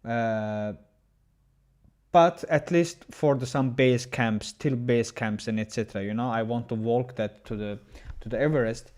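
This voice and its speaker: Halting male chess streamer. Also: mid-range voice, darkish tone. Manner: halting, with many restarts, chatting with viewers. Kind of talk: casual livestream chat.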